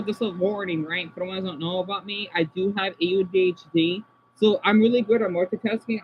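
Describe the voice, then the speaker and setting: An American man on a casual live stream, rambling in a scattered way as he reacts to his chat aloud. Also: sits high. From United States. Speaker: livestreamer. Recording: dull lo-fi with faint hum.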